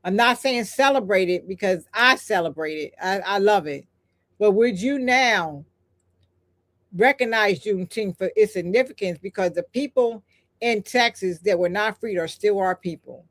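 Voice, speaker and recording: A woman's voice: medium pitch, expressive, moderate pace. An older woman hosting a live stream, talking in an emphatic, repetitive, preacher-like cadence and breaking off for chatty asides while she reads the chat. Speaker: host. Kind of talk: live-stream talk reading chat comments.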